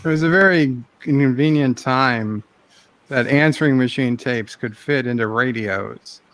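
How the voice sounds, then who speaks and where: A man's voice: medium pitch, measured pace, fairly bright tone, slight background noise. A man joining a live movie commentary with dry, matter-of-fact remarks.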